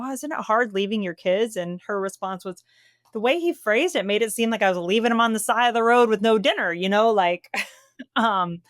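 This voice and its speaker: Animated woman broadcaster, emotional. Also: medium pitch, smooth, no echo, clean studio sound. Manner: animated, emotional, laughs easily, retells stories. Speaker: sports broadcaster, guest. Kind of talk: conversational interview.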